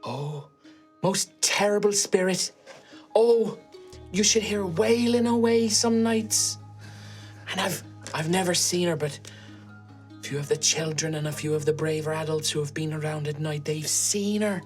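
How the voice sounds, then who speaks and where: A woman's voice: lowish voice, a little slow, soft background music, pitched below the performer's own voice, natural voice. A woman voicing a plump, motherly cow-woman who keeps a cafe, in a put-on Irish accent, fussing and doting in a sing-song way. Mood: gossiping.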